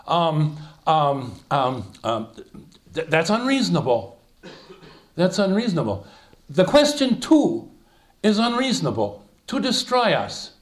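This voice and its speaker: A man's voice: fairly high pitch, big pitch swings, moderate pace. An older man leading an informal Bible study, thinking aloud with many fillers and restarts as he explains a passage. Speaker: Bible teacher.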